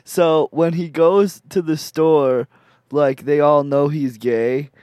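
A man's voice: on the high side, slow, a little mellow, smooth, dry recording. A young man in casual, crude comedy chat who rambles, laughs often and leans on filler words. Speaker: podcast co-host.

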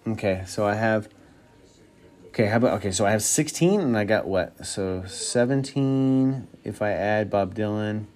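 A man's voice: on the low side, moderate pace, a little mellow. Man, podcast host, casual solo chat, rambling, swears freely, thinks aloud.

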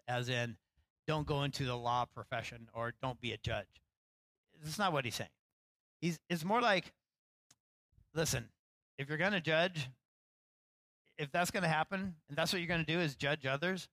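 A man, a pastor, preaching a sermon in a relaxed, conversational way, acting out lines with rising animation and poking fun at himself. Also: a little high, no room sound, poor audio. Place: church.

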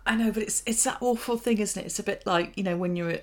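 A woman co-hosting a podcast. She chats in a rambling way and giggles easily, and her voice sits at a middle pitch. She speaks into a studio microphone. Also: quick pace. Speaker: podcast co-host. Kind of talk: casual chat.

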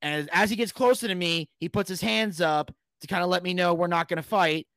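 A man casually telling a story, animated, swearing freely and shouting out the lines he quotes. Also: high-pitched, fairly quick, dry recording. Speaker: podcast guest telling a story.

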